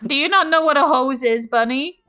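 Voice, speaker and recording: A woman's voice: high-pitched, normal speed, bright, forceful tone, soft background music. A playful young woman streaming a game, chatting and laughing often. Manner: giggly, playful, swears.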